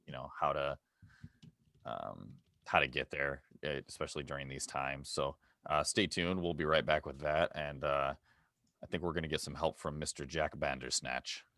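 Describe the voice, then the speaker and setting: A man co-hosting a podcast in casual chat, halting with frequent fillers and restarts. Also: very deep voice, bright, forceful tone, dry recording, studio quality. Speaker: podcast co-host.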